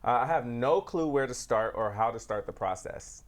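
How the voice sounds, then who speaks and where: A man's voice: mid-range voice, animated, moderate pace. A man co-hosts a live talk show and reads viewer questions aloud. His delivery is laid-back, with wisecracking asides. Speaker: co-host reading viewer questions.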